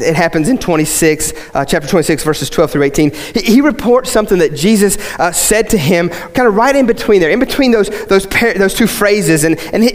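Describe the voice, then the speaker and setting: A pastor from West Virginia, preaching a conversational sermon that rises into impassioned, repeated emphasis. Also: male voice, a little high, in a large hall. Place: church sanctuary.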